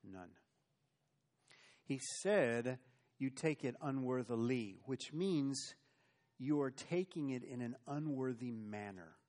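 A man's voice: medium pitch, animated, slow, pauses often, darkish tone. A male pastor preaching an earnest sermon, stumbling over repeated restarts and adding wry asides. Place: church.

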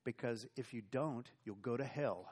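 A man's voice: mid-range voice, normal speed, a little mellow. A male pastor preaching an earnest sermon, stumbling over repeated restarts and adding wry asides. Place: church.

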